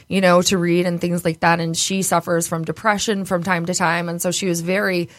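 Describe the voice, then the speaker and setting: A woman's voice: on the low side, flat delivery, fairly quick, no room sound. A woman from New York speaking candidly in a casual interview, laughing often and swearing freely. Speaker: podcast guest.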